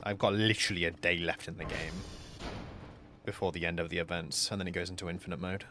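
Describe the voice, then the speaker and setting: A young man streaming a game, chatting casually and rambling through a story with lots of fillers and restarts, sometimes dropping to quiet mumbled asides. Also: deep voice, fairly even intonation, fast talker, background noise. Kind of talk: casual chat while gaming on stream.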